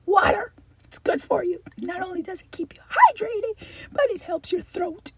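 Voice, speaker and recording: A woman hosting a crafting channel, chatting casually and gushing with excitement as she opens gifts from viewers. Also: extremely high pitch, moderate pace, a little hiss or hum. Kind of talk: casual unboxing chat.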